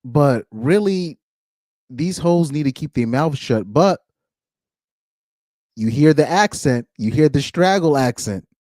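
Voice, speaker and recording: A man's voice: a little high, expressive, slow pace, pauses often, darkish tone, no echo, clean studio sound. A man giving blunt, ranting reaction commentary, laughing often between points. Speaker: commentary streamer.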